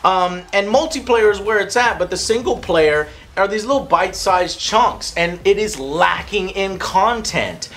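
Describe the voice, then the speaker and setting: A young man co-hosting a casual game review chat, excitable and profane, ranting. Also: high voice, a little slow, hardly any pauses.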